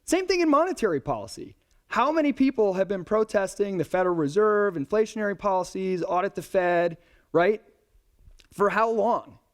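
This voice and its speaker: A man in his thirties giving a conference talk to a young audience, conversational and animated, often checking in with "right?". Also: high voice, brisk. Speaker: conference speaker.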